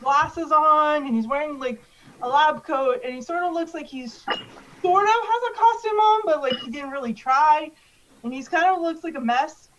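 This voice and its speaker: A woman's voice: high-pitched, normal speed, fairly bright tone, slight background noise, rough recording. A young woman narrating as game master of a tabletop game, laughing often and using many fillers.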